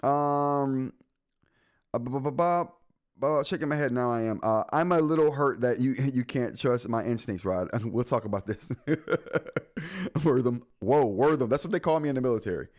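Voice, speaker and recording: A man's voice: mid-range voice, expressive, moderate pace. A man hosting a live tech show, chatting casually with his viewers, joking and laughing often. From United States. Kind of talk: casual live-stream chat.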